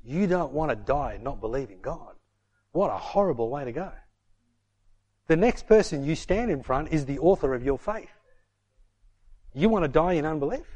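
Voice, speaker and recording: Male pastor, middle-aged, preaching an emphatic sermon, mid-pitched voice, keeps saying "hey". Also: sing-song, moderate pace, long pauses, a little mellow, slightly rough.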